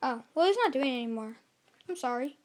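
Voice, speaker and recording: A woman's voice: sits high, animated, fast. A young girl vlogging casually to camera at home, rambling and apologizing a lot, with little giggles. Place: at home in a room.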